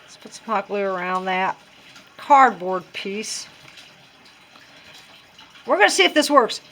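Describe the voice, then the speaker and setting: A woman's voice: medium pitch, animated, a little slow, a bit bright. A woman talking casually through a craft tutorial, chatty and self-deprecating as she works things out aloud. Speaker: crafting vlogger.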